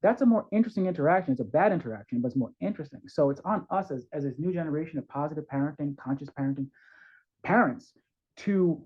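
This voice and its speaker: Animated man with a husky voice. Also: a little high. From New York. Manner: animated, acts out parents' and kids' voices. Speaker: guest, parenting coach. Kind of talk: conversational advice in an interview. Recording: dull, lo-fi sound.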